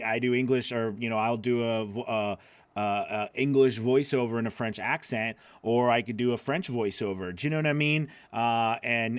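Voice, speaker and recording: A man's voice: mid-range voice, dry recording. Chatty man coaching live. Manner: loose and chatty, many fillers, laughs at himself. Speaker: voiceover coach hosting a live Q&A. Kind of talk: casual live Q&A answering viewer questions.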